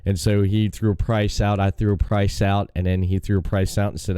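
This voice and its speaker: Brief: a deep, dark-toned male host chatting casually on a podcast, dry close sound. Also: level tone, a little fast, smooth, dry recording. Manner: rambling, enthusiastic storytelling. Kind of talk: casual chat.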